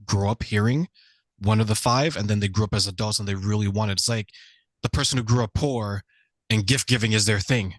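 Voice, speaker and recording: Low-voiced male podcast host. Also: fairly quick, dry recording. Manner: earnest, musing. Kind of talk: interview questions and reflection.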